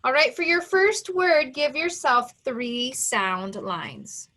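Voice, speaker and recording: A woman teaching a phonics lesson to young children, who sounds out each sound and syllable with slow, careful emphasis. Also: sits high, very animated, sharp tone. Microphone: recorded for an online video lesson.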